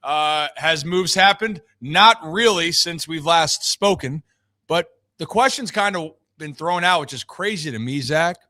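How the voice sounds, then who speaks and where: A man's voice: a little high, lively intonation, unhurried, pushed and bright, no room sound, studio quality. A man hosting a live sports talk show, opening in an upbeat, conversational way and talking straight to the viewers.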